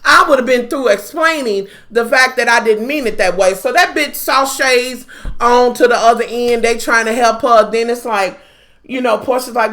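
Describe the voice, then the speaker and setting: A woman's voice: fairly high pitch, normal speed, a bit bright. A woman giving a blunt, profane, sassy recap of a reality TV episode. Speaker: TV recap vlogger. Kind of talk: casual reality-TV review.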